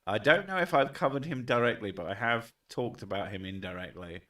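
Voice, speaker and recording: A man's voice: medium pitch, animated, fairly quick, a bit bright, recorded from a distance. A man streaming live, chatting casually, swearing often and laughing between rambling thoughts. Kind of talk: casual livestream chat.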